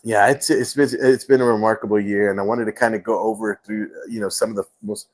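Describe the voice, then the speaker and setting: A man's voice: on the low side, fairly even intonation, fast. A man hosting a casual livestream from home, telling stories with many fillers. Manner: rambling storyteller, many fillers. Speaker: host.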